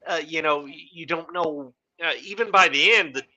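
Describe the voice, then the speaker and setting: Bright-voiced man rambling about films. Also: on the high side, moderate pace, muffled recording. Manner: rambling, animated retelling with fillers. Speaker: podcast co-host. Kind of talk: casual movie discussion.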